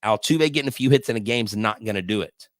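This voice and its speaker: A man, co-hosting a sports podcast and lecturing listeners in an animated, fired-up rant. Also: fairly low pitch, fast, no echo, studio quality. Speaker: podcast co-host.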